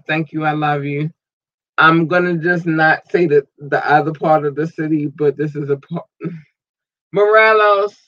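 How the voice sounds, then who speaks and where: A man hosts his podcast in a casual, effusive way, now and then jumping into playful squeals. His voice is bright and slightly high, set close and dry. The recording sounds a little dull and lo-fi. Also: no room sound. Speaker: podcast host. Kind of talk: casual listener shout-outs.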